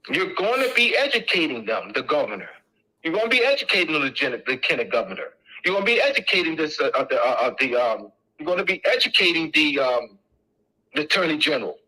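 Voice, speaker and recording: A middle-aged man lectures in a high, piercing, forceful tone, stressing every point by repeating it emphatically. He sounds casual but insistent, and the recording quality is low.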